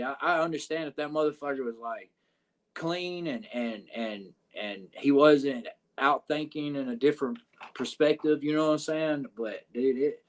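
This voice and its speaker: A man's voice: medium pitch, moderate pace. A man, a wrestler guest, telling a story in casual, profane speech with lots of fillers, over a video call.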